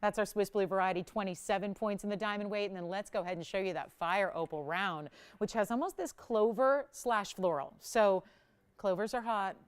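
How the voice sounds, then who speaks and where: A woman's voice: mid-range voice, normal speed, clean tone. A woman hosting a live shopping broadcast, talking through jewelry deals in a chatty, upbeat sales patter. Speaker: shopping channel host. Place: TV studio.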